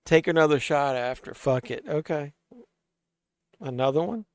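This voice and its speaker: A man hosts a live watch-along stream, chatting casually and reading chat aloud, loose, profane, and a bit tipsy from drinking. His clear, resonant voice is on the high side at normal speed, in a dry recording.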